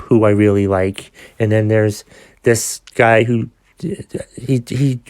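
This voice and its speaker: A man hosting his own podcast, ranting with exasperated sighs, swearing and many restarts. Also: medium pitch. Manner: exasperated, profane, sighing rant with restarts. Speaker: podcast host.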